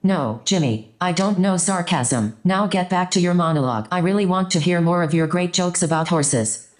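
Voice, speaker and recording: A woman's voice: fairly low pitch, animated, moderate pace, natural voice. A woman playing a sarcastic voice assistant. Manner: dry, mocking sarcasm.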